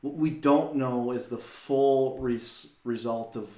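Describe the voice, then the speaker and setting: A man co-hosting a casual faith-based talk, thinking out loud and often checking in with "right?". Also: mid-range voice, steady tone, slow pace. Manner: says "right?" a lot, reflective, backs up his co-host. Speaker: podcast co-host. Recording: echoey room.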